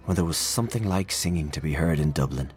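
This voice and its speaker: A man voicing a blunt, nostalgic older male dinner guest in a lowish, gruff voice in a storybook reading. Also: lively intonation, fast talker. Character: older man, defiant, nostalgic for old singers.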